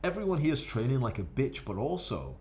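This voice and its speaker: A man casually telling gym stories to camera in a profane, rambling, animated way. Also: medium pitch, brisk, slight background noise. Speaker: fitness vlogger.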